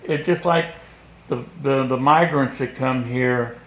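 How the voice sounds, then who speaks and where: Slow, halting man from Kentucky. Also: medium pitch. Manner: slow, halting, repeats words. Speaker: parishioner and guest. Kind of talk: casual interview answers. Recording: echoey room.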